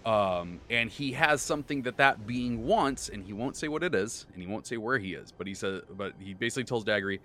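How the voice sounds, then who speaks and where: Energetic low-voiced man recapping his game. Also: fairly quick, few pauses, a little hiss or hum. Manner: excitable, rambling, swears casually. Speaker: game master and podcast host. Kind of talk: casual chat recapping a tabletop campaign.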